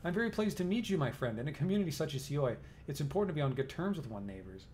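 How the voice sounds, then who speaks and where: A man's voice: on the high side, big pitch swings, a little mellow, a little hiss or hum. A man voicing a cultured, polite engineer. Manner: pleasant, measured, formal. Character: cultured middle-aged male engineer, polite, precise. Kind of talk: reading game dialogue aloud.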